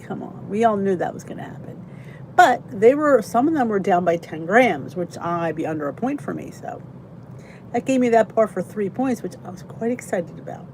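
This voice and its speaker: A woman's voice: medium pitch, lively intonation, normal speed, a little mellow, slight background noise. A tired, chatty woman hosting a casual livestream from her basement, greeting viewers by name and laughing often. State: tired, yawning. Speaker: channel host. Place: basement by a heater.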